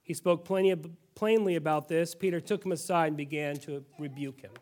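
A male pastor preaching a sermon with animated storytelling, now and then dropping suddenly to a quiet voice. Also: on the high side, brisk.

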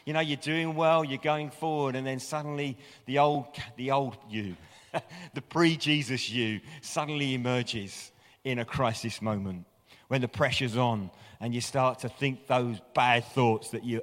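A male preacher talking through a sermon in a relaxed, conversational way. He often chuckles at himself and restarts sentences, and his voice sits at an ordinary middle pitch. A long reverb hangs on every word, as in a large church hall.

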